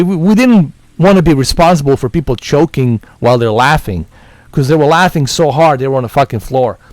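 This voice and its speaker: A man's voice: mid-range voice, no echo. A man chatting casually with friends, rambling, repeating words and laughing often. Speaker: gamer.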